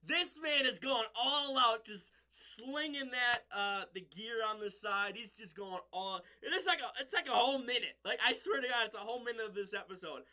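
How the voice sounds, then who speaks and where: Casual male vlogger, high and sharp-toned, loose rambling recap full of "um" and "like". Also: normal speed, few pauses. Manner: rambling, many fillers and restarts, laughs at own slips. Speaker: episode reviewer.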